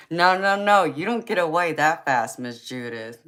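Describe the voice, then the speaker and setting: A woman's voice: sits low, a bit bright. A woman chatting with viewers on a live tarot stream, teasing and folksy, laughing often. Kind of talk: casual live chat with viewers.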